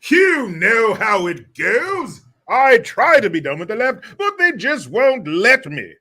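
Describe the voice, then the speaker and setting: A man doing a stately old-school butler, slow and drawn out, pitched up and loud, ringing with a bright, forceful edge. He announces everything with pompous formality. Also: very animated, heavily acted. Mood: grandly formal.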